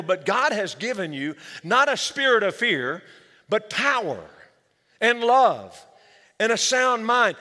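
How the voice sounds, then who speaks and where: A man's voice: sits high, pushed and bright. A man preaching a sermon as pastor, with energy, calling the church for amens. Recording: long hall reverb.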